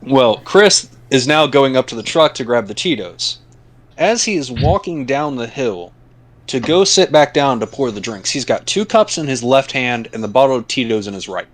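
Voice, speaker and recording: A young man, telling a story in a casual podcast chat with friends, with drawn-out dramatic pauses. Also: medium pitch, fairly bright tone.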